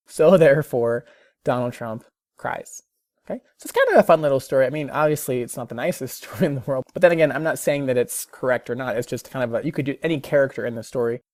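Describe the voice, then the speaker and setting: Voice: medium pitch, a little mellow, dry recording. Chatty language learner, dry close sound. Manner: chatty, thinks aloud with self-corrections and little laughs. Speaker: teacher learning Mandarin. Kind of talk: casual video diary of language practice.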